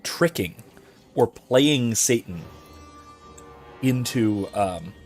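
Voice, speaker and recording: A man's voice: medium pitch, animated, extremely slow, soft background music. A man hosting casual gameplay commentary on philosophy, hiccuping throughout and apologizing while rambling with many fillers. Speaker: philosophy lecturer and let's-play host.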